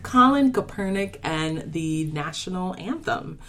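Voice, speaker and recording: Woman podcast guest, lower pitch, lively intonation, hesitant restarts. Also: a little slow. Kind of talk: casual podcast chat.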